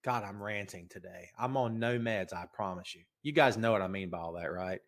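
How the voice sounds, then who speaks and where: A man's voice: lowish voice, fairly quick. A middle-aged man hosting a wrestling podcast, rambling and joking in casual chat while fighting a head cold. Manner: rambling, joking, talks to a co-host. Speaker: podcast host.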